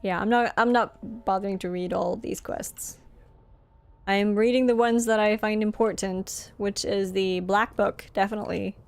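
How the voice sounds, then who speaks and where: A woman's voice: mid-range voice, fairly even intonation, normal speed, gravelly, faint music behind. A woman from Norway, chatting casually and giggling often while live-streaming a game.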